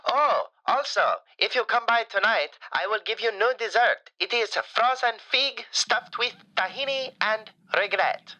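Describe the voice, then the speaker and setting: A man playing a warm, flattering falafel shop owner who calls in to a radio show, speaking broken English with dropped articles and deadpan compliments. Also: high voice, measured pace, few pauses, lo-fi sound, heavily acted. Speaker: caller. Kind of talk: comedic radio call-in sketch.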